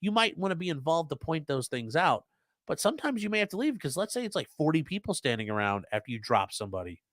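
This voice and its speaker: A man's voice: fairly high pitch, big pitch swings, fast talker, fairly bright tone, no room sound, studio quality. Blunt, profane man reading chat aloud. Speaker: lawyer hosting a live stream. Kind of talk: casual live-stream chat answering viewer comments.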